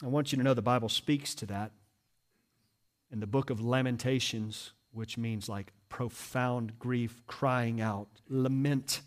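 A man's voice: mid-range voice, steady tone, unhurried. A man preaching a sermon as a pastor, in an earnest, emphatic manner with repeated exhortations.

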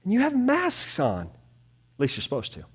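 Animated male preacher, lively pitch. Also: a little slow, husky. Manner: animated preaching, swinging from hushed to loud. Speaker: pastor. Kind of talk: sermon. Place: room with a small in-person congregation.

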